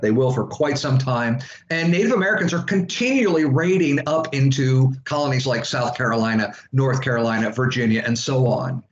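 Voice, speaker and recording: Speaking at a moderate pace with a medium-pitched voice, the history instructor from Florida lectures his students in a loose, conversational style packed with side remarks. Slight background noise sits under the echoey, muffled lo-fi sound of the classroom.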